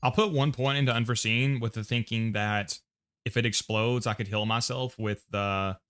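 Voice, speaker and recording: A man's voice: lowish voice, steady tone, moderate pace, a bit bright, clear, resonant tone. A man with an American accent casually talking to himself and reading chat while setting up a game loadout on a livestream. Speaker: streamer.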